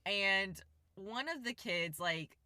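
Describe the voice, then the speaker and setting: A young woman co-hosts a casual podcast, giggly and excitable, with plenty of fillers. Her voice is bright and swings widely in pitch. The recording is dry and close. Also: takes it slowly, dry recording. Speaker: podcast co-host. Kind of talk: casual storytelling chat.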